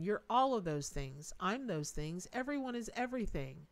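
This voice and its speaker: A woman's voice: medium pitch, very animated, moderate pace, hardly any pauses, dry recording. A middle-aged woman hosting a live tarot reading, chatty and emotive, thanking viewers as she goes. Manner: folksy and emotive, thanks donors, says y'all and Lordy. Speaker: tarot reader and livestream host.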